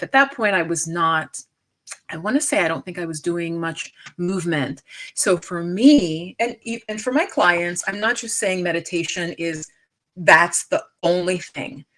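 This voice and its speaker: Woman, middle-aged, US, wellness coach live-streaming; lowish voice, emphatic and conversational. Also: lively intonation, normal speed, a bit bright. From United States. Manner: chatty and emphatic, frequent asides and restarts. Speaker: stress coach and yoga teacher.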